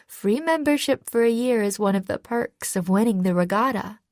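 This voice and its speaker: Brief: upbeat young woman sailor, put on by a female narrator, slightly raised pitch. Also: animated, moderate pace, dry recording, clean studio sound, natural voice. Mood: cheerful. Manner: higher, bright cheerful voice.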